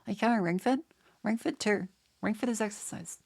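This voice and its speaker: A woman's voice: mid-range voice, fairly quick, gravelly, darkish tone, breathy edge. Nasal Australian woman with a cold. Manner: rambling with many restarts. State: has a cold. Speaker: streamer. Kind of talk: casual chat, answering chat.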